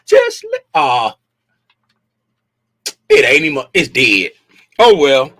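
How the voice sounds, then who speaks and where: Broadcasting from his home, this middle-aged trading commentator speaks slowly in a fairly high, slightly bright voice whose pitch swoops wildly. His livestream is casual, playful, and folksy, and he greets viewers by name. The audio has no echo.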